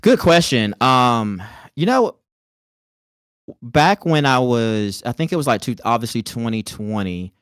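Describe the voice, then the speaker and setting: Southern guy w a light twang, kinda low smooth voice, easygoing rambly chat, dry close sound. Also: expressive, measured pace, no echo. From North Carolina. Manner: laid-back, chatty, lots of fillers. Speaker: podcast guest, content creator. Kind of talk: casual interview chat.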